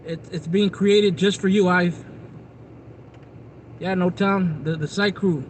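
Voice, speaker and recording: Streamer type: man with a high voice, chatty and rambling, talking straight to his viewers outdoors, faint traffic behind. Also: steady tone, slow. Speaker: live streamer. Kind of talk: casual livestream chat with viewers.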